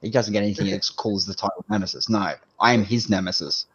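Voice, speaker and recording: A man's voice: fairly low pitch, fairly even intonation, quick pace, slightly rough, lo-fi sound. A man chatting on an online voice call, insisting emphatically. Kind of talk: casual chat on a voice call.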